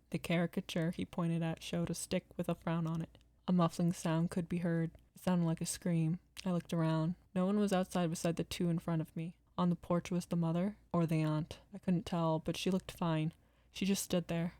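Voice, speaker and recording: Woman reading a spooky story, low flat mellow voice, dry close sound. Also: moderate pace, no room sound. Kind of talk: scripted horror narration.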